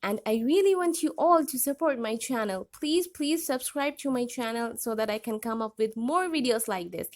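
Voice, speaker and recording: A woman with a high voice hosts an online vocabulary lesson. She explains each word clearly and sounds friendly and patient throughout. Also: normal speed, hardly any pauses. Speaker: English vocabulary teacher, channel host.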